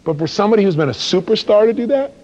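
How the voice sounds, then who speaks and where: High-voiced, animated male seminar speaker. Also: racing. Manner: animated, acts out dialogue, fires rhetorical questions. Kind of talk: live seminar talk to an audience. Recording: dull lo-fi recording.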